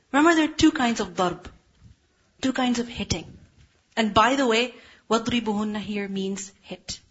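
A woman's voice: medium pitch, slightly rough. A woman teaching a religious lesson, explaining step by step and asking rhetorical questions. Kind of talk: explanatory lecture. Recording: dull lo-fi recording.

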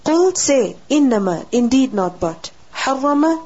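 A woman with a slightly high, breathy voice reads scripture word by word at a brisk clip. She recites each Arabic word in a raised tone, then glosses it in plain English. The recording is dull and lo-fi. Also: expressive, a little mellow. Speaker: Quran reciter and translator. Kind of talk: word-by-word scripture translation reading.

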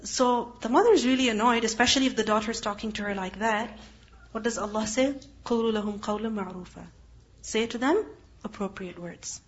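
A woman's voice: a little high, brisk. A woman teaching a Quran lesson, explaining Arabic terms and asking her class rhetorical questions. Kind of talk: religious lesson. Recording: dull lo-fi recording.

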